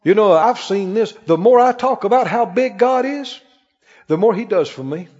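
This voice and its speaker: Animated preaching man, high lively voice. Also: moderate pace, slightly rough. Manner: emphatic, animated preaching with exclamations. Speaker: pastor. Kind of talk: sermon. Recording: dull recording with long hall reverb.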